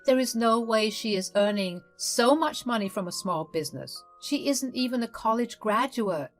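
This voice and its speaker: A woman doing a shrill haughty mother-in-law. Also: lively intonation, normal speed, faint music behind, lightly acted. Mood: condescending. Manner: haughty, condescending.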